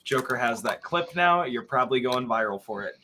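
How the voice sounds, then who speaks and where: A man chatting on a livestream, loud, swearing and laughing. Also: medium pitch, lively intonation, a little fast, background noise. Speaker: event organizer. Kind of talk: casual livestream chat.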